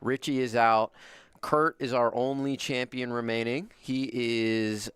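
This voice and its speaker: Smooth-voiced male stream co-commentator. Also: mid-range voice, a little slow, dry recording. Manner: relaxed, chatty, laughs often. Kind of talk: casual live-stream commentary.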